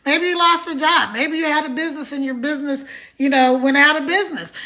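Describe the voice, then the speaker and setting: A middle-aged woman hosting a live stream, giving an energetic, motivational pitch straight to her viewers. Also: a little fast. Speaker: live-stream host promoting a program.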